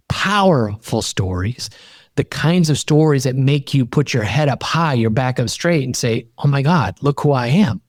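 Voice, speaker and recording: A middle-aged man, a podcast guest and coach, telling personal stories in an emphatic, animated way that climbs high in pitch when he gets fired up. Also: no room sound, studio quality. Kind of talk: animated personal storytelling in conversation.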